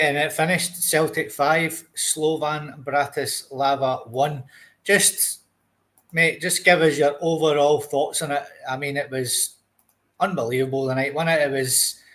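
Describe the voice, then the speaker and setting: Young Scottish podcast co-host, blunt and matey, slightly high voice. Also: male voice, steady tone, unhurried, a bit bright. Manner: blunt, says mate a lot. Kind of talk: casual football chat.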